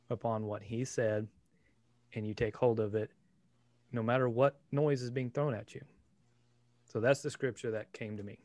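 A man's voice: fairly low pitch, darkish tone, dry recording. A man with a Texan accent, co-hosting a podcast and speaking in a firm, preaching tone about faith. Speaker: podcast co-host. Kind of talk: devotional podcast talk.

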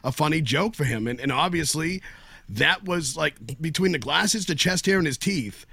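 A man's voice: fairly high pitch, lively intonation, normal speed, creaky, sharp tone, breathy edge, dry recording. A man filling in as guest co-host on a film podcast, rambling and joking in casual chat. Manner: rambling, joking, stammering restarts.

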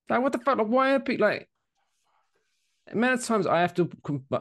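A man co-hosting a casual podcast chat, animated and profane, slipping into mocking quoted voices. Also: high-pitched, normal speed, long pauses. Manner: animated, swearing, jokey mock quotes. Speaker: podcast co-host.

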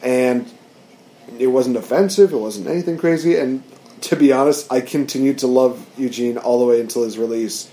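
A man's voice: mid-range voice, normal speed, warm tone. A man co-hosting a casual podcast, talking eagerly and rambling with lots of fillers. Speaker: podcast co-host. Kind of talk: casual chat. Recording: roomy echo.

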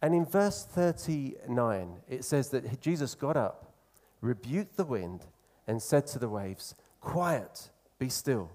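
Speaking in a mid-range, sing-song voice with a dark tone, a man preaches a sermon earnestly and conversationally. He slows down to stress key phrases.

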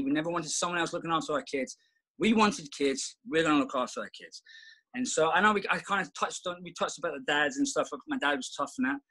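A man's voice: fairly high pitch, fairly bright tone, low-quality recording. A middle-aged man talking as a podcast guest in a rambling, reflective way, with many restarts. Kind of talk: casual conversation.

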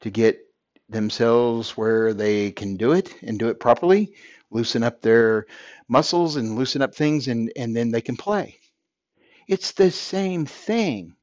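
A man's voice: medium pitch, measured pace, a little mellow, no room sound, muffled recording. A man hosting a podcast, delivering an earnest motivational monologue and repeating phrases for emphasis. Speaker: podcast host.

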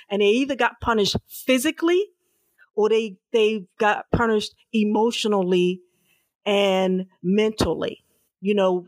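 Middle-aged woman, author guest, earnest emphatic storyteller, medium pitch, dry sound. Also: dry recording. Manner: earnest, slow and emphatic, with repeated words. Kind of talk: personal storytelling in an interview.

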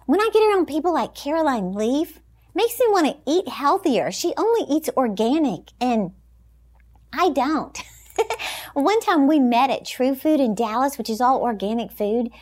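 Woman, high voice, Christian motivational speaker, inspirational talk, emphatic, animated, laughs often. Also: unhurried.

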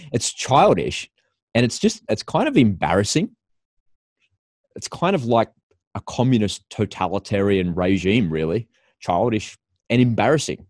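A man's voice: lowish voice, darkish tone, dry recording, studio quality. A middle-aged Australian man giving a scornful opinion monologue, breaking into laughter at his own points.

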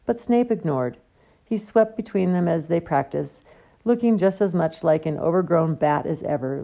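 A woman reads a novel aloud in a steady storytelling manner. Her voice is low and gravelly, with a dark, mellow tone. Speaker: audiobook reader. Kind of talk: audiobook narration.

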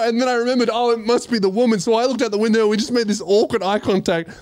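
A man's voice: extremely high pitch, quick pace, hardly any pauses, darkish tone. A young Australian man hosting a podcast, telling a story in casual chat, swearing and acting out his own reactions. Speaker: podcast host.

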